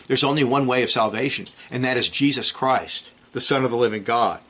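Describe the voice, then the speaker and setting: A man preaching a sermon, swinging between loud emphatic peaks and low, quiet drops. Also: fairly quick, hardly any pauses. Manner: clears throat now and then.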